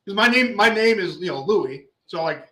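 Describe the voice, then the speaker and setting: A man's voice: sits high, lively intonation, moderate pace, a bit bright, reverberant, poor audio. A man hosting a podcast, telling rambling stories in casual chat and swearing often. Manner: swears a lot, rambling storyteller. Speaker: podcast host.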